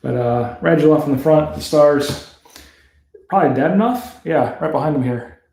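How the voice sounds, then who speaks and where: A fairly high-pitched male voice with vocal fry and a darkish tone, at a moderate pace, in a reverberant space. He's a Canadian card-break host giving casual commentary as cards are opened, calling out player names and chuckling at tricky pronunciations.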